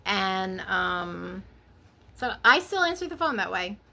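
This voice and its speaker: A middle-aged woman hosting her own show, reading her poem softly and then explaining it in a casual chat. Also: mid-range voice, big pitch swings, slow pace, creaky. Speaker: podcast host and poet.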